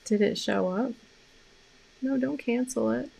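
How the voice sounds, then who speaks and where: Gravelly-voiced woman chatting on a live stream. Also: fairly high pitch, measured pace. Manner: soft, rambling, many fillers and restarts. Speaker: animal communicator host. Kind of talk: casual live-stream talk.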